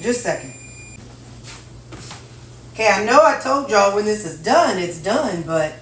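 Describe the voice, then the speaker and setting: A middle-aged Missouri woman with a mid-range voice chats folksily to herself and her viewers while measuring and cooking in her home kitchen for a cooking vlog. The mic sits at a distance in a roomy kitchen, with dishes and cutlery clinking and a little hiss or hum.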